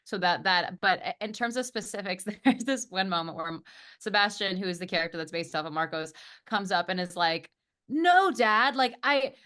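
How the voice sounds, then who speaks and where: A woman's voice: fairly low pitch, brisk, a bit bright. A young woman in casual podcast chat, rambling with many restarts as she describes her work in a stage show. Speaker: cast member of the musical.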